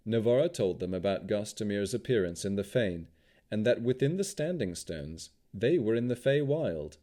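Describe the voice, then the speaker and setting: A man narrating a fantasy audiobook with expressive storytelling. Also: lowish voice, normal speed.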